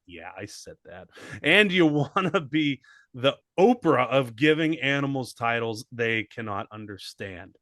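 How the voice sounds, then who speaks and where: A medium-pitched, fairly bright and expressive man speaks unhurriedly on a dry recording. As co-host of a casual comedy podcast, he riffs with crude humor and slips into a mock English accent.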